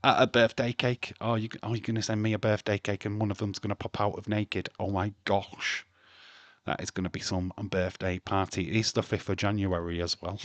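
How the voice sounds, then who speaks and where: Guy on a home stream, lowish voice, dry close mic, rambles and swears a lot. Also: flat delivery, brisk, no room sound. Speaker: wrestling livestream host. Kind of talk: casual livestream chat.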